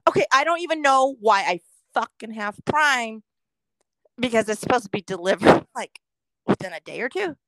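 A woman's voice: a little high, animated, moderate pace, a bit bright, no room sound. A woman co-hosting a podcast in casual chat, ranting profanely and laughing often. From Oregon, US. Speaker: podcast co-host.

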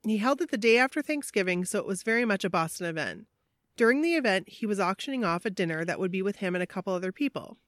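A woman's voice: medium pitch, lively intonation, fast talker, a bit bright, no echo. Chatty woman co-host, dry close sound. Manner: chatty, laughing, reads aloud with asides. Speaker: podcast co-host. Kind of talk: casual chat and reading a listener story.

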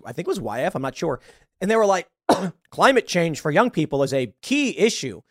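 A man's voice: sits high, dry recording, clean studio sound. A man hosting a political commentary show, talking in a blunt, emphatic, conversational way. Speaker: show host.

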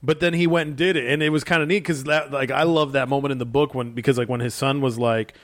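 A man talks comics in a loose, enthusiastic ramble, often slipping into quick quotes of the characters. His voice sits at an average pitch, and the room around him is dry and close. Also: fairly even intonation, no echo. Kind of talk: casual chat about comics.

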